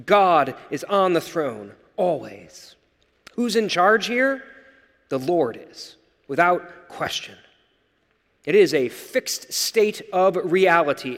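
Man, pastor, emphatic sermon, high-pitched, reverberant church sanctuary. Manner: earnest, emphatic preaching with slowed proclamations.

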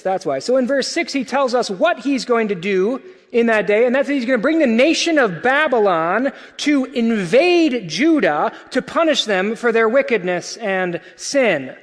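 A male pastor preaching a sermon in a conversational, animated way, with casual asides. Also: high voice, big-room sound.

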